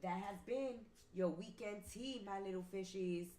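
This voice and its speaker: A woman's voice: mid-range voice, normal speed, warm tone. A woman reading tarot for her viewers, talking emphatically and repeating herself like a preacher. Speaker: tarot reader. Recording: roomy with faint ambient noise.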